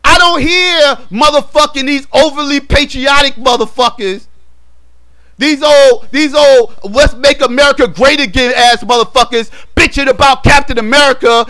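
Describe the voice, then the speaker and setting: A man giving a heated, profane rant in a movie review vlog, repeating himself emphatically and building to shouts. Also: very high-pitched, steady tone, normal speed.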